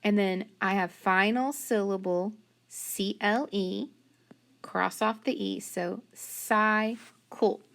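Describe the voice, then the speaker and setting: Woman teacher for a phonics lesson, patient and slow, a little gravelly, middle pitch.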